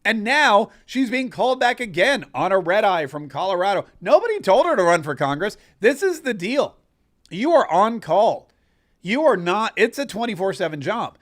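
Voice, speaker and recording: A male host delivers political commentary in a rather high voice, pressing each point with emphatic, sarcastic rants. He builds momentum, repeating phrases to hammer home his argument. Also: sing-song, normal speed, fairly bright tone.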